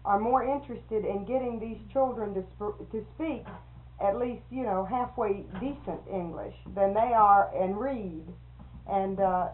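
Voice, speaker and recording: A woman's voice: mid-range voice, a little slow. A schoolteacher woman with a mid-range voice chats and tells stories, acting out the lines she quotes. The sound is narrow and phone-like, with a faint hiss. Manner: animated storyteller who acts out quotes. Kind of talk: casual conversation.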